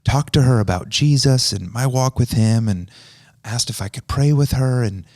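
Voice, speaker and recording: A man's voice: medium pitch, moderate pace, darkish tone. Man telling stories on a podcast. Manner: storytelling, acts out quoted dialogue. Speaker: podcast host. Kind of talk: casual podcast chat. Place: office room.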